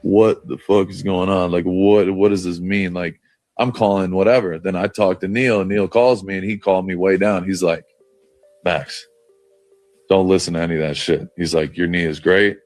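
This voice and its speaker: A man's voice: sits low, fairly even intonation, normal speed, a little mellow, no echo, faint music behind. A man, a football player on a podcast, telling a story loosely with plenty of "like" fillers and swearing. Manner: loose, profane, lots of "like" fillers. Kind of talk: casual storytelling.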